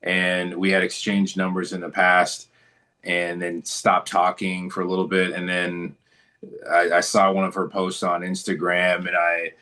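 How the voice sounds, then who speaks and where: A man's voice: deep voice, completely flat delivery, a little slow, pushed and bright. A man talking as a guest in a casual interview, telling stories in a laid-back, good-humored way.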